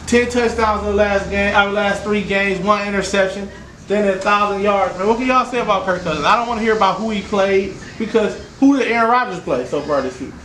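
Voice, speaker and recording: A man hosting a podcast, a casual sports chat full of loud, joking trash talk. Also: high voice, fairly quick. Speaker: podcast host. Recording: echoey room with faint noise.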